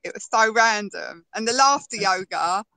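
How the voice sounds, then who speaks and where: A woman tells stories in a relaxed chat, her voice bright and forward. She laughs easily and often. The sound is close and dry, with no room around it. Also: mid-range voice, moderate pace, no room sound, rough recording. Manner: chatty storyteller, laughs often. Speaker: guest. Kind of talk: casual conversation.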